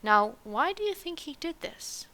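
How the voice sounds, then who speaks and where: A woman voicing an anxious, scolding tiny mother in a storybook reading, sharp and emphatic. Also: sits high, sing-song, measured pace, pitched above the performer's own voice, heavily acted. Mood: explaining.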